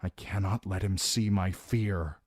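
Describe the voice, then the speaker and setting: A man reading a defiant but frightened young queen, speaking her tense, hushed inner thoughts aloud. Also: low-pitched, steady tone, unhurried, breathy edge, no echo, studio quality. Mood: grim.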